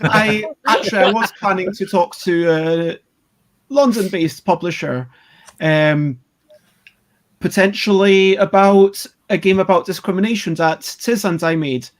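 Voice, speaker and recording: A man who designs games, chatting at game night in a plain, hesitant way with many pauses. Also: sits high. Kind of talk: casual game chat.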